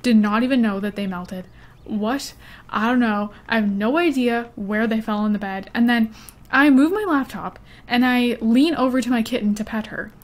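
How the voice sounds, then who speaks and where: A slightly high, moderately paced female voice belongs to a gaming YouTuber rambling over a life-sim game. Chatty and quick to lose focus, she giggles often and turns her commentary into story time.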